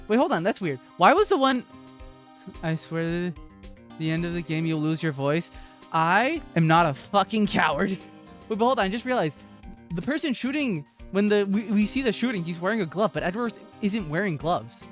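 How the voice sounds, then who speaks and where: Lively streamer narrating a game. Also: medium pitch, normal speed, faint music behind. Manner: lively, joking, voices the hero's lines too. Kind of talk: game playthrough with commentary.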